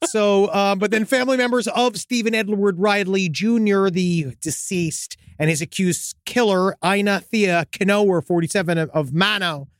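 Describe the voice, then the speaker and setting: A man co-hosting a casual true-crime podcast, animated and joking, swearing freely. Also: high voice, normal speed, hardly any pauses, smooth, no echo, studio quality. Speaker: podcast co-host.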